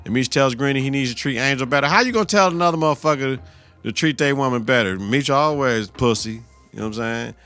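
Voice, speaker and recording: A man's voice: mid-range voice, fast talker, a bit bright, faint music behind. A man hosting a podcast, recapping a TV episode in casual, profane, slang-heavy talk and talking back at the characters. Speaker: podcast host.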